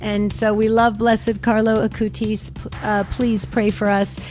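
A woman co-hosting a Catholic call-in radio show, telling stories in a chatty, rambling way with quick laughs. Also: medium pitch, flat delivery, darkish tone, soft background music.

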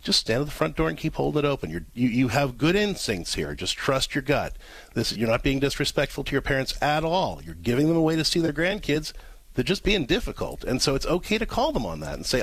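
A man's voice: medium pitch, brisk, husky, no echo. A man co-hosting an advice talk show, speaking emphatically and acting out examples. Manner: emphatic, animated, acts out examples. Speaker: radio co-host, counselor.

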